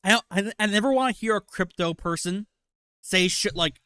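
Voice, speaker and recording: Streamer guy, rambling crude commentary, fairly high voice, dead-dry mic. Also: expressive, normal speed, sharp tone, smooth, no room sound. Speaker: livestream host. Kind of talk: casual livestream commentary.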